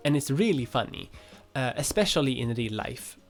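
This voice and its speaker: A Swedish woman with a light accent streams live, casually reading viewers' comments aloud and answering them offhandedly, swearing now and then. Her voice is extremely low, expressive and moderately paced, with soft music in the background.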